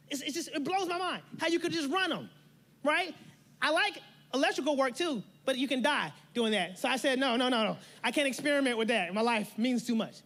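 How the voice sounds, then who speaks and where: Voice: high voice, a bit bright. A pastor giving a sermon in a church, emphatic and playful, with a lot of repetition.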